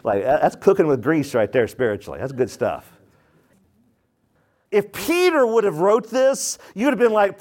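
A man preaching with a lively, swooping delivery, his somewhat high voice leaping up for emphasis and dropping low for asides. He talks to the congregation in a folksy way and acts out short bits of dialogue in quick put-on voices. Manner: animated, shifts between loud bursts and low asides, puts on quick voices. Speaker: pastor. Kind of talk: sermon.

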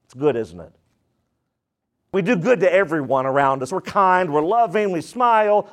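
A man preaching a sermon to his congregation, calling out to them for answers and swinging between low, intoned lines and high, excited ones. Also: moderate pace. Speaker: pastor.

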